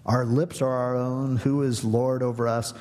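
A man preaching a sermon, conversational and humorous, animated as he tells a story. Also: medium pitch, unhurried, long reverb tail. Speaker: pastor.

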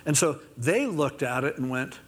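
A man's voice: medium pitch, expressive, moderate pace. A man preaching a conversational sermon, retelling scripture casually and acting out the quoted lines in little voices.

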